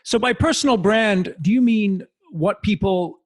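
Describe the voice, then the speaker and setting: A male podcast host with a slightly high voice. He keeps the conversation casual and asks follow-up questions. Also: measured pace. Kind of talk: interview.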